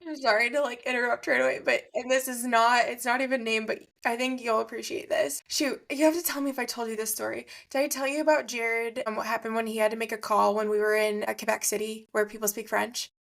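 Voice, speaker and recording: A woman's voice: fairly high pitch, steady tone, quick pace, vocal fry, hardly any pauses, a bit bright. A woman co-hosting a podcast, telling a story in casual chat and laughing often. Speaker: podcast co-host.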